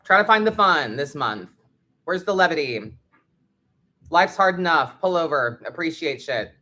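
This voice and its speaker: A low-pitched woman runs a live tarot stream, talking casually to viewers. She is blunt and sweary, and her pitch swings widely as she talks. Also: animated, unhurried, bright, forceful tone.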